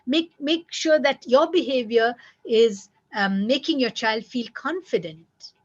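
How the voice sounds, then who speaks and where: Woman parenting coach, high voice, direct and repetitive delivery, dull lo-fi recording. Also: unhurried. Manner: direct, repeats key phrases. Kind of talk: lecture to parents.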